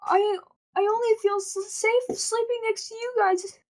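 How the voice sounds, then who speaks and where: Shy stammery kid character, woman voicing, super high voice. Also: fairly even intonation, a little slow. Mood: timid. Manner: stammering, hesitant. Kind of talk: amateur online audio drama.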